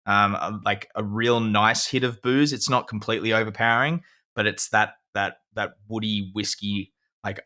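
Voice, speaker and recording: A man's voice: fairly low pitch, flat delivery, normal speed, pushed and bright. A man, co-hosting a podcast and chatting casually while reviewing a beer with enthusiasm. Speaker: podcast co-host. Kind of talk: casual chat.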